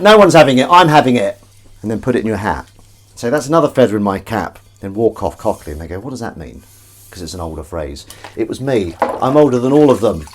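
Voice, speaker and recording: This man's voice sits on the low side with a darkish tone, and there's slight background noise. He's doing a comedy livestream from the kitchen sink, washing up as he chats loosely and reads viewer comments, rambling and poking fun at himself. You can hear dishes clinking and water running.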